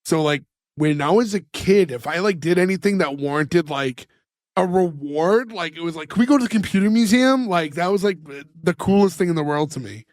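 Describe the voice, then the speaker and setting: A man's voice: on the high side, moderate pace, no echo. A man, co-hosting a podcast in rambling casual chat, full of fillers and put-on quotes. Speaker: podcast co-host.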